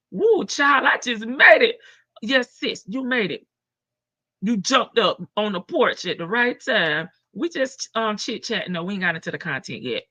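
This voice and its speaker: A woman's voice: on the high side, sharp tone, no room sound, highs cut off. A woman hosting a casual livestream, chatting in slang and greeting viewers by name. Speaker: livestream host. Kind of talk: casual livestream chat reading viewer comments.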